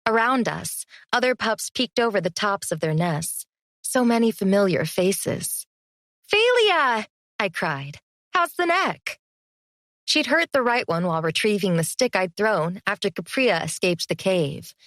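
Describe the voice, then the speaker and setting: A woman reads a first-person fantasy audiobook with lively expression, at a medium pitch. The studio sound is very dry and close, with no room around her. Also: normal speed, no echo. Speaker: audiobook narrator.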